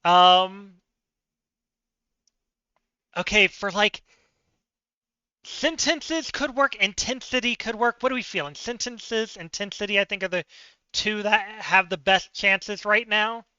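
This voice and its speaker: A man's voice: high voice, takes it slowly, pauses often, bright, forceful tone, clean tone, no room sound, dull audio. A man streaming live word games, thinking aloud, chatting with viewers and poking fun at himself.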